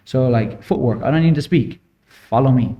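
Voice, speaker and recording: An Irish man in his twenties with a medium-pitched voice speaks at normal speed on a lo-fi recording. He's a boxing coach appearing as a podcast guest, telling stories in casual interview chat packed with "like" and other fillers.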